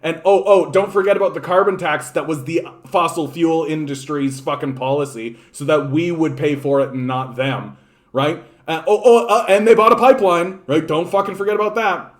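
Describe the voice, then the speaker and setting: A man's voice: a little high, moderate pace. A man giving an angry, profane and sarcastic political rant, repeating himself for emphasis. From Canada. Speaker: political commentator. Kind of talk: ranting political monologue.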